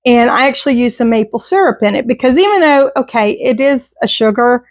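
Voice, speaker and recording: A middle-aged woman chatting casually about a grocery haul at home, self-deprecating and quick to laugh, with plenty of restarts. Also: a little high, dry recording. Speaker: vlogger showing a grocery haul. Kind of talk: casual chat.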